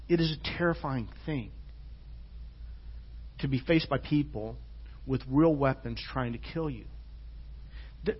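A man preaching a sermon in a church. He is earnest, moving between hushed, soft passages and loud, emphatic ones. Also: mid-range voice, husky. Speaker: pastor. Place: church sanctuary. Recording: dull lo-fi church recording.

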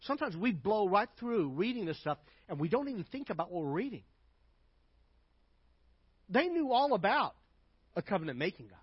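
An older male pastor preaching with a high voice, driving hard on repeated phrases and then falling into soft, chatty asides. The sound is dry and a bit dull. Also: big pitch swings, moderate pace, pauses often, slightly rough, no echo. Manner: emphatic preaching, builds to loud repeated phrases, drops to asides. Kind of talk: sermon.

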